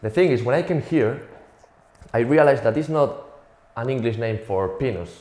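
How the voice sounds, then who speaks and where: A man's voice: mid-range voice, lively intonation, moderate pace, dark tone, reverberant. A young man from Spain with a Spanish accent, telling a profane, self-mocking stand-up comedy routine.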